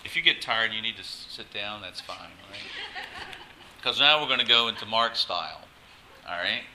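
A man pastor giving a lively sermon at a church service, coaxing the congregation to join in. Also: fairly low pitch, normal speed, heavy background noise.

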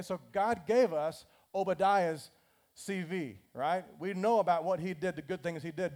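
A male pastor preaching with a high-pitched voice. He talks casually and with animation, breaking into character voices as he explains a passage. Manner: animated, conversational, acts out scripture characters. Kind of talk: sermon.

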